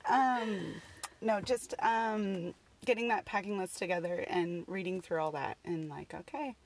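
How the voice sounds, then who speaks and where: A woman podcast host in casual chat, friendly and quick to react with lively asides. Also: medium pitch.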